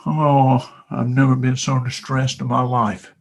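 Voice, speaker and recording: A man animatedly retelling a motivational sales story, dropping to a hush and then rising loud. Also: medium pitch, little pitch movement, a little slow, few pauses, husky. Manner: dramatic, shifts between hushed and loud.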